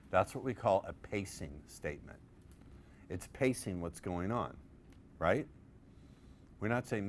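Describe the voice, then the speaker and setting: A man with a very low voice teaches a live seminar to a room of listeners. He is playful and profane, and keeps drawing the audience in with questions. Faint noise sits under his voice. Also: lively intonation, measured pace, long pauses. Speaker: seminar presenter teaching persuasion.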